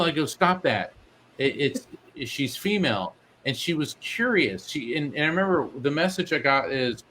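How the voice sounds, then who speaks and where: A man as a guest psychic medium, telling a story in an animated way and acting out the voices he quotes. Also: medium pitch, a little hiss or hum. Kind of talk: storytelling in an interview.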